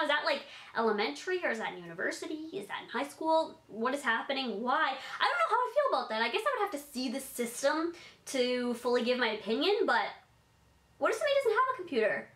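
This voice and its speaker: A woman's voice: high voice, sing-song, fast talker, sharp tone, reverberant. A young adult woman answering fan questions in a bubbly, rambling vlog chat, full of "like". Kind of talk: casual Q&A vlog.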